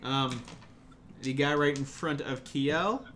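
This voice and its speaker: A man's voice: mid-range voice, slow pace, a bit bright, a little hiss or hum. Man casually running a tabletop game. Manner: casual, hesitant with frequent ums. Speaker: game master.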